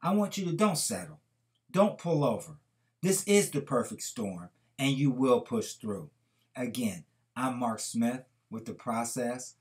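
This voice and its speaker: A man's voice: medium pitch, expressive, a little slow. A man hosting a podcast, telling a motivational story with earnest, preacher-like emphasis. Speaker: podcast host.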